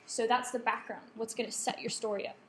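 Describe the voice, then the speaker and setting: A woman's voice: fairly high pitch, little pitch movement, brisk. A woman giving a lecture to students, often checking in with the room and polling the audience. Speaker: workshop presenter. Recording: echoey room, faint background hum.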